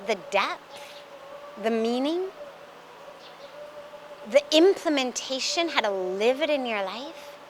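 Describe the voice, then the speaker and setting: High, slow-spoken spiritual teacher woman. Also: lively intonation, a little hiss or hum. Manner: slow, deliberate, emphatic. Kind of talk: spiritual storytelling talk.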